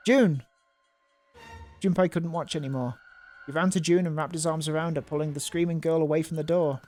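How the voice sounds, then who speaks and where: Man, streamer reading aloud, higher pitch, casual asides, faint background music. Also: steady tone, fast talker, darkish tone. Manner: casual, mocking asides and stumbles while reading.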